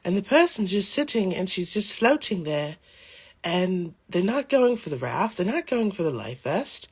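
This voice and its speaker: A man's voice: sits high, sing-song, moderate pace, husky, pitched above the performer's own voice, full character voice. Man voicing a raised-voice English psychic lady, earnest and prophetic, put-on English accent. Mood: ominous. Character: posh English female psychic advisor.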